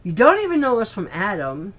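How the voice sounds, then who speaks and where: A woman's voice: medium pitch, huge pitch swings, brisk, a bit bright. A woman quoting a plainspoken churchgoing woman. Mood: earnest.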